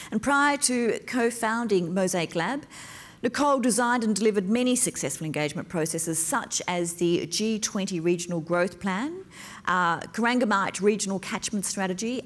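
Lively woman moderating a panel. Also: medium pitch. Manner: lively, playful asides while reading bios. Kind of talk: live panel introduction. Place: stage at a university event.

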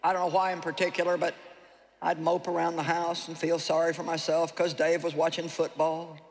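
A woman preacher giving a lively, humorous sermon to a live audience, reading scripture and acting out the people she talks about. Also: fairly low pitch, brisk, slight background noise. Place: large hall with a live audience. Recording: echoey hall, faint ambience.

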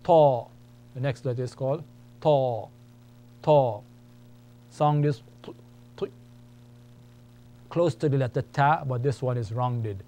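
A man's voice: medium pitch, unhurried, long pauses, warm tone. A man teaching the Arabic alphabet, patiently repeating each letter's sound several times. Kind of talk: slow alphabet lesson with drilled sounds. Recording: faint mains hum.

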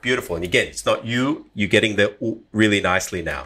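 A man working as a linguist and language coach, quickly and animatedly demonstrating sounds while teaching pronunciation on a podcast. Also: lowish voice, sharp tone.

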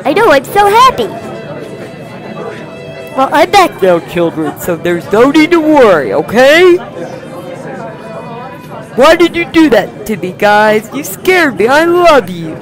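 A woman's voice: high-pitched, sing-song, takes it slowly, long pauses, full character voice. A woman playing a caring, worried dad to a family of puppies in a game roleplay, reassuring and fussing over them. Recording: game music and crowd noise behind.

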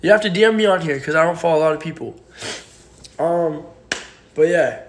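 A man's voice: fairly high pitch, a little fast, a little hiss or hum. Joking young man on a phone livestream. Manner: joking, rambling, playfully teasing. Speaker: livestream host. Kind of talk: casual livestream chat reading viewer comments. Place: home, indoors.

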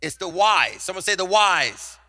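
High, bright-voiced preaching pastor. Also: male voice, big pitch swings, measured pace. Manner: passionate, call-and-response preaching. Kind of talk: sermon.

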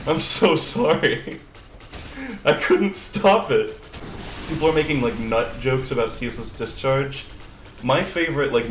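A young man streaming a video game, chatting casually and excitably with swearing, sudden shouts and laughter. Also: mid-range voice, echoey room, a little hiss or hum. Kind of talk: casual gameplay commentary. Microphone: older lower-quality desk mic.

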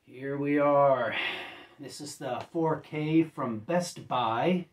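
Slow, rambling man reviewing discs. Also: medium pitch, recorded from a distance. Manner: rambling, clears throat often, self-correcting. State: just woke up. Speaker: disc reviewer. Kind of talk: casual home video review.

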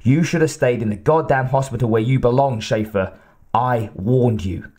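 Male narrator voicing angry bellowing police captain, audiobook, mellow dark timbre, pitched up when he shouts. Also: normal speed, natural voice. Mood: furious. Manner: bellowing, growling.

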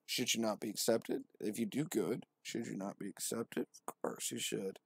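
A man's voice: lowish voice, steady tone, moderate pace, vocal fry, husky, no echo. A man retelling scripture as comedy, profane and slangy, with a wry tone and hesitant restarts.

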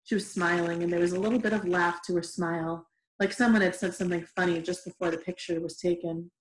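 A woman reading a novel aloud in a steady, gentle way, in an echoey room. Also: on the low side, fast talker. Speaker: reader. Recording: roomy echoey room recording.

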